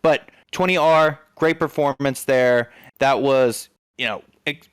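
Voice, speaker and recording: A man giving play-by-play commentary on a competitive shooter match, quick and analytical, thinking aloud as he breaks down the game. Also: mid-range voice, clear, resonant tone, no echo. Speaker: esports caster.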